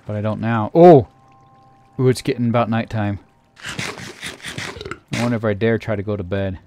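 A man narrating a scary game playthrough in a theatrical way, dropping to a hush and then shouting in panic. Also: on the low side, little pitch movement, brisk, slight background noise. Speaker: let's player. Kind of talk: acted creepypasta gameplay narration.

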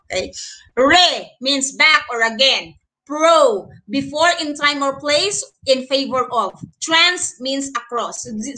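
A woman's voice: sits high, pushed and bright, low-quality recording. A woman with a Filipino accent teaching an online lesson, mixing English and Tagalog and checking in with frequent questions to her learners. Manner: encouraging, checks in with frequent "okay?".

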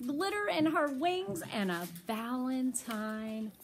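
An older woman, a grandmother, reading a children's picture book aloud in a tender, expressive way. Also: high-pitched, a little hiss or hum. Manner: tender, slow and expressive storytelling.

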